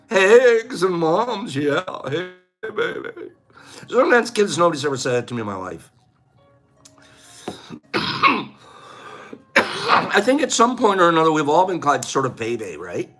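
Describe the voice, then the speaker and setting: A man's voice: a little high, sharp tone. A man hosting a casual livestream, chatting and joking playfully with his viewers and laughing often. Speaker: livestream host.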